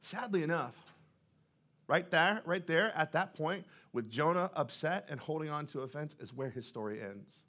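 Male pastor preaching, kinda high voice, chatty, keeps asking the crowd stuff. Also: fairly bright tone. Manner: conversational, asks the congregation questions. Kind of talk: sermon. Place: church.

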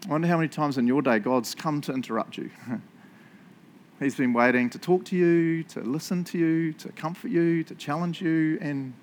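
Chatty New pastor, laughing often. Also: male voice, fairly high pitch, a little hiss or hum. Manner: chatty, self-deprecating, confessional, laughs often. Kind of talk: casual conversational sermon.

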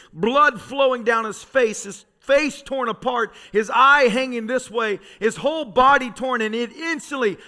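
High, bright-voiced fervent preacher man. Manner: fervent, storytelling preacher who swings from soft to shouting. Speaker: pastor. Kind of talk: sermon. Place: church sanctuary.

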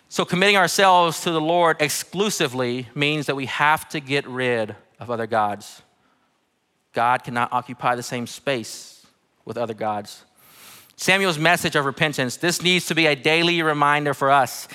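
A young adult man, a pastor, giving a conversational, animated sermon in a church. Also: on the high side, normal speed, clean tone, in a large hall. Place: church sanctuary.

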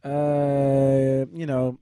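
A man's voice: medium pitch, completely flat delivery, extremely slow, mellow, smooth, dry recording, clean studio sound. A man hosting a wrestling chat show and interviewing a guest, eager and rambling with lots of fillers.

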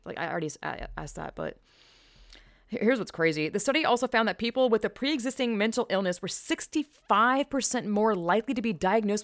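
Talking through a headset mic, a young woman hosts a podcast in loose, rambling chat, frank and profane, hopping from one tangent to another. Her pitch is medium. The audio is studio quality without echo.

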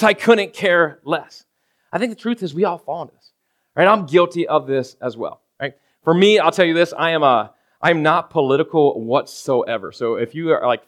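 A man preaching a conversational sermon as a pastor, often checking in with "right?" and acting out everyday scenes. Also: medium pitch. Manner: casual, keeps asking "right?" of the congregation; acts out everyday scenes in quoted voices.

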